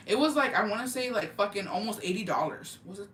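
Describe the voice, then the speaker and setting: A young woman from Oaxaca, Mexico, chatting casually and profanely with her live-stream viewers in an animated, slangy way. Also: medium pitch, fast, few pauses, slight background noise. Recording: roomy, mic at a distance.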